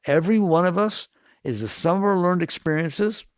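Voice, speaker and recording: A man giving a spiritual talk to an audience, blunt and animated, full of rhetorical questions. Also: high-pitched, normal speed, clean tone, no echo, clean studio sound. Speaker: spiritual teacher.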